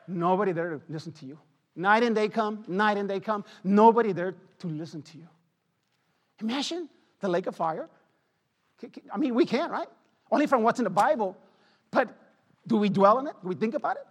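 A man preaching a fervent sermon in a strikingly high voice for a man. He repeats his lines for weight and swings between quiet, sober stretches and loud, pleading ones. His words ring out with a long reverb from a big hall. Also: normal speed, pauses often. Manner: impassioned, repetitive, swings from hushed to loud.

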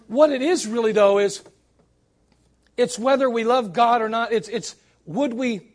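A man with a notably high voice preaching at a church service. He presses his points with rhetorical questions and dry, sarcastic asides. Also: unhurried. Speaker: pastor. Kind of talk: sermon.

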